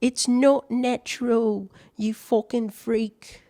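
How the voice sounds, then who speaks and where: A man's voice: very high voice, little pitch movement, slow, mellow, no room sound, clean studio sound, pitched above the performer's own voice, full character voice. A man putting on the voice of an angry young woman on a date, shrieking crude insults. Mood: disgusted.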